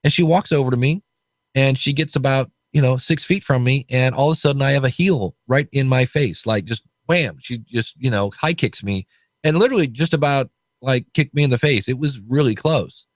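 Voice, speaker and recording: A man's voice: a little high, lively intonation, a little fast, dry recording. Chatty man telling stories. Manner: chatty storyteller, acts out quoted voices. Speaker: podcast host. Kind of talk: casual podcast chat.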